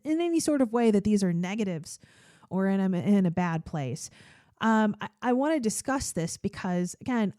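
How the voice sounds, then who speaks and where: A woman's voice: mid-range voice, dark tone, clean studio sound. Chatty woman yapping on her podcast, open and candid, laughs a lot, no room echo. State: tearful at times. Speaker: podcast host. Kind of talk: personal solo podcast talk.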